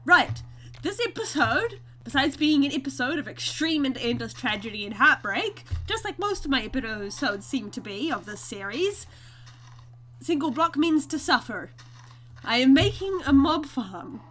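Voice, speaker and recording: A woman's voice: sits high, very animated, normal speed, pushed and bright. A woman giving let's play commentary on her survival game, melodramatic, breaking into squeals and mock wailing. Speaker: gaming YouTuber.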